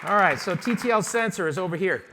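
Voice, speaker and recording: A man teaching photography lighting on stage, talking fast and joking as he quizzes a live audience. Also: high voice, expressive, a crowd in the background, background noise. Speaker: photography instructor. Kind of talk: live workshop demonstration.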